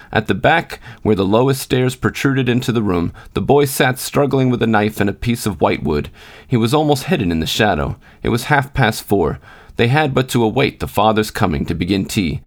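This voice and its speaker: A man with a fairly low voice narrating a literary short story in a steady, unhurried way. He reads as a podcast storyteller, measured and even.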